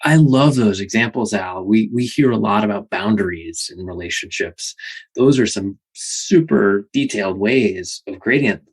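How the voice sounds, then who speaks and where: An American man hosts a podcast interview in a low, slightly husky voice. He talks in a relaxed, reflective way, restarting now and then as he frames his questions. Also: normal speed, low-quality recording. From United States. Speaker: podcast host. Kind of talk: casual interview.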